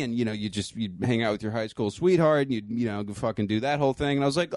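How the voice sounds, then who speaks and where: A young man, a stand-up comedian hosting a podcast, telling stories casually in a profane, self-deprecating, energetic way. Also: mid-range voice, quick pace, hardly any pauses, no echo.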